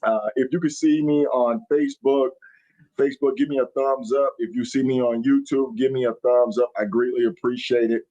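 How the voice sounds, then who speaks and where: A man's voice: medium pitch, fairly even intonation, moderate pace, dark tone, muffled recording. A middle-aged man hosting a live podcast from the road, folksy and hyped, greeting viewers by name over and over. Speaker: podcast host. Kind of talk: live-streamed podcast chat. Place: on the road while traveling.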